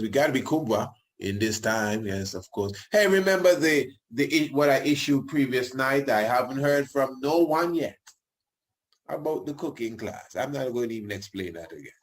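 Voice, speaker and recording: A man hosting a radio show, talking in a rambling, colloquial way with tag questions and chuckling asides. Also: fairly low pitch. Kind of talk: casual radio talk.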